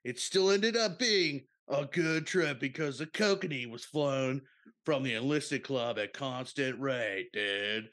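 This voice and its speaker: A man's voice: medium pitch, takes it slowly, fairly bright tone. A man reading a listener's story as a laid-back young male airman with a surfer-dude drawl, tacking dude and bro onto his lines.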